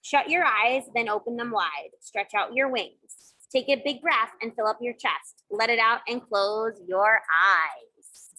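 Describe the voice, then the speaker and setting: A woman with a bright, crisp, fairly high voice leads children through yoga and mindfulness exercises. She gives gentle, encouraging instructions and adds playful sound effects along the way. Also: animated, a little slow, rough recording. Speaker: kids yoga teacher. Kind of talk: guided kids yoga and mindfulness.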